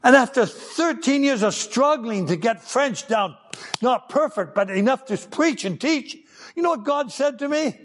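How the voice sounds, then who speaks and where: A man's voice: extremely high pitch, a little slow, big-room sound. An older man preaching a children's sermon, telling stories and acting out voices. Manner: animated storytelling, acting out voices.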